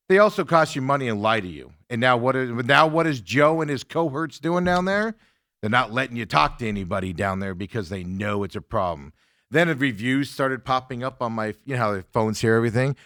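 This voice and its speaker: A man's voice: medium pitch, no room sound, clean studio sound. A male talk show host in casual conversation, telling a story and acting out other people's lines as he goes. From Arizona, US. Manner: animated, acts out other people's lines in quotes.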